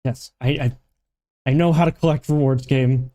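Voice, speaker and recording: A man's voice: mid-range voice, steady tone, normal speed, dark tone. A man streaming a game live, chatting casually, joking, swearing and laughing at himself.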